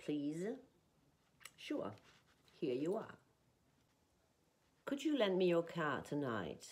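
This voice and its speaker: A woman teaching an English lesson, reading example sentences and explaining grammar in a slow, deliberate way. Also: on the low side, darkish tone.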